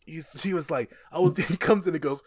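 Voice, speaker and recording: A young man co-hosting a casual podcast, retelling scenes in an animated, laughing, profane way. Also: fairly high pitch, a little fast, slightly rough, dry recording. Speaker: podcast co-host. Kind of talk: casual review chat.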